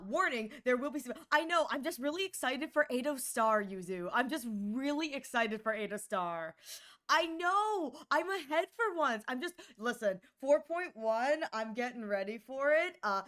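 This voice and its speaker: A woman streaming live, chatting casually with her viewers in a bubbly, giggly, animated way. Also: a little high.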